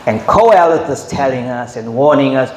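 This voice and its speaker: A man preaching a sermon, slow and emphatic, who jumps high when he acts out quotes. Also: animated. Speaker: pastor. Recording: echoey hall, faint ambience.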